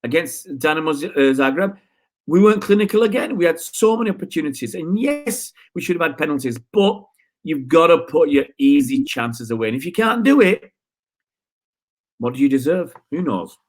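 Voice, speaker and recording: A man's voice: fairly high pitch, expressive, normal speed. Guy on a live football stream, annoyed, ranting, reading out chat comments. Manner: frustrated ranting, rhetorical questions. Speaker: football channel host.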